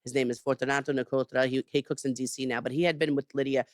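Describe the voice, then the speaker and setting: A woman's voice: a bass voice, fast talker, dry recording, clean studio sound. A woman chef being interviewed, telling her story emphatically with lots of "like" and "you know.". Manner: animated, emphatic retelling with frequent "like". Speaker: chef, podcast guest.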